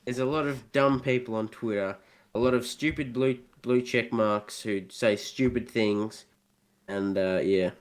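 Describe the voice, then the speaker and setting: A man's voice: mid-range voice, fairly even intonation, a little slow. A man co-hosting a casual podcast, his voice in a middle range. He answers in short, offhand bursts with an easy, unbothered manner. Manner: laid-back, short offhand replies. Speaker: podcast co-host.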